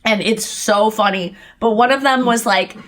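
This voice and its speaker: Woman host just chatting on her podcast, animated, does little voices for people in her stories, laughs a lot. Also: a little high, moderate pace. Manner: animated storytelling, acts out people's lines; laughs often while talking. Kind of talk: casual chat.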